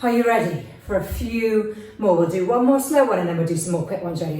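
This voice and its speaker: A woman teaching a lively class for young children, in a sing-song, encouraging way, calling out actions for them to copy. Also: mid-range voice, fairly quick. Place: home room with a child helper. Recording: echoey room, mic at a distance.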